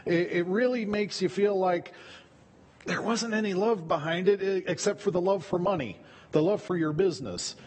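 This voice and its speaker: Speaking at a moderate pace, this pastor delivers his sermon casually, doubling up words mid-sentence. His voice is a bit high, husky, and somewhat dark in tone. The sound carries the lingering echo of a church sanctuary.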